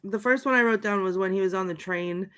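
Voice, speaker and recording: A woman's voice: medium pitch, brisk, sharp tone, clear, resonant tone. A woman co-hosting a podcast, wryly rambling through her notes on a film in casual chat. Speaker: podcast co-host reviewing a film.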